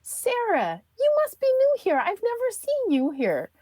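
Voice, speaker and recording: A woman's voice: sits high, lively intonation, very fast, a little mellow, dry recording, studio quality. A woman putting on a chirpy, bubbly grown woman. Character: bubbly, boisterous, ever-cheerful grown woman.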